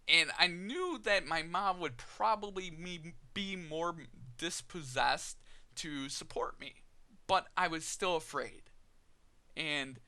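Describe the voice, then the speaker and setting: A man recounts a deeply personal story straight to his viewers, pausing, repeating himself and restarting his sentences. His voice has a gravelly edge. The tone is bright and sharp. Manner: halting, many "you know" fillers and restarts. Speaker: vlogger.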